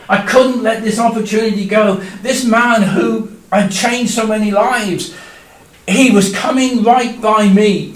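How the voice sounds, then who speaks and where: Man doing a dramatic first-person bible monologue, goes from shouting to hushed, echoey church room. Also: sits high, a little slow, far from the mic. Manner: dramatic, swings from loud cries to hushed tones. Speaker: church storyteller.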